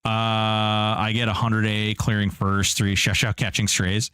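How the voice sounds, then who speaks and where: A man's voice: on the low side, completely flat delivery, a little slow, pushed and bright, clean tone, no echo. A man streaming an online game, chatting casually and joking while answering his chat. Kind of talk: casual live-stream commentary.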